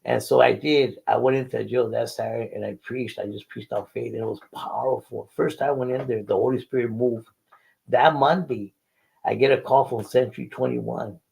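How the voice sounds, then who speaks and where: Older man, gravelly voice, earnest testimony. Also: medium pitch, steady tone, moderate pace, darkish tone, poor audio. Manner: earnest storytelling, acts out dialogue. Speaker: guest. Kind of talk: testimony in an interview.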